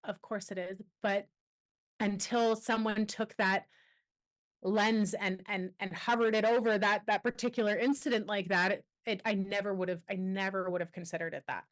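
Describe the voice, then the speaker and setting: A woman guest on a podcast interview, telling a personal story with candid, animated energy and quoting others as she goes. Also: medium pitch, moderate pace. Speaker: guest, anti-trafficking expert.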